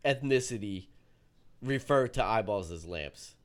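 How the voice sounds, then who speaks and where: A man's voice: fairly low pitch, lively intonation, unhurried. A man co-hosting a casual chat, reacting to a TV episode in a blunt, offhand way with some swearing. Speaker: podcast co-host.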